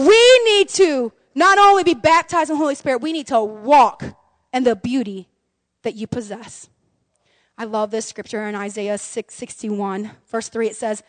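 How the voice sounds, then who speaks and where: A middle-aged woman pastor preaching an impassioned sermon, swinging between loud cries and hushed, intimate tones. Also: on the high side, normal speed, no echo.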